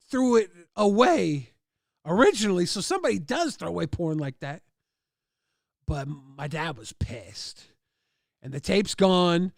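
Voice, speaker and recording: Male streamer, high gravelly voice, dry close sound, rambling crude storyteller. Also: dry recording. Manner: rambling crude anecdotes with many "like" fillers; acts out others' lines in raised voices. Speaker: livestream host. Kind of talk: casual storytelling.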